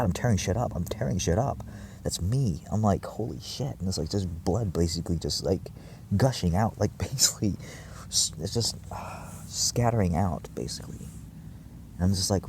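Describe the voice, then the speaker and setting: A low-pitched man talks straight to his viewers in a long, wandering monologue. His delivery is intense and profane, full of fillers and restarts. A faint hiss sits under the recording. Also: darkish tone. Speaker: vlogger addressing his viewers. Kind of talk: rambling spiritual monologue.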